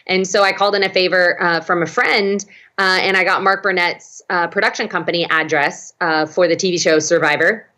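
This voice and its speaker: Young woman, from Texas, talk-show guest, casual storytelling, slightly low voice, animated quoting. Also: brisk. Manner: animated, acts out quoted voices with big pitch jumps.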